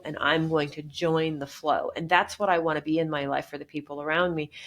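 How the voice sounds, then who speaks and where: A woman speaking as a guest on a podcast, talking earnestly and warmly in a casual way, often acting out what people say. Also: low voice. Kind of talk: casual conversational interview.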